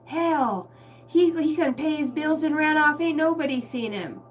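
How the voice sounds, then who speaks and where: A woman's voice: sits high, lively intonation, far from the mic, voice pushed up. A woman doing a cranky old grandpa's drawl. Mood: scornful. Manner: drawling, slow and scornful.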